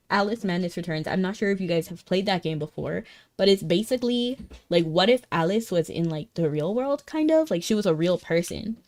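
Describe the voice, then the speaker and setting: With faint game music behind her, a talkative young woman chats with viewers during a live game stream. Her lowish, darkish voice is expressive and fairly quick, and her mood is bubbly.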